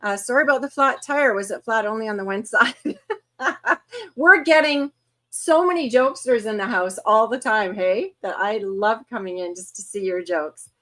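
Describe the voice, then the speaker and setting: A woman in her fifties hosting a casual livestream, chatty and quick to laugh as she greets viewers one by one. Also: on the high side, fairly bright tone. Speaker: host.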